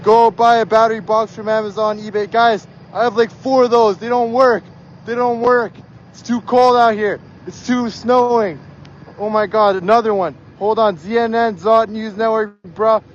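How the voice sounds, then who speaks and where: A hoarse young man livestreaming outdoors on a snowy street, excitedly yelling shout-outs to viewers. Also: high-pitched, moderate pace, lo-fi sound, a little hiss or hum. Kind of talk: live stream reading out viewer donations.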